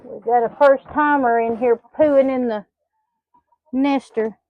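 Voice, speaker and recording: High-voiced woman scolding her hens. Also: steady tone, measured pace, dry recording. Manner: chatty, scolds her birds like children in a sing-song voice. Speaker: farm vlogger. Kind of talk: casual talk while doing farm chores. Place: outdoor poultry pen on a small farm. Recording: dull lo-fi outdoor recording.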